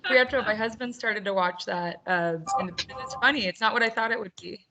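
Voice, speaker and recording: A woman's voice: medium pitch, moderate pace, sharp tone, a little hiss or hum. A woman hosting an online roundtable for teachers over a video call, upbeat and chatty with frequent laughter. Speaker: webinar host.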